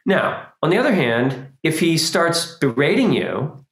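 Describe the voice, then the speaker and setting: A man giving an informal spiritual talk, animated and acting out small quoted scenes as he explains. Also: a little high, measured pace. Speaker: spiritual teacher. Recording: roomy echo.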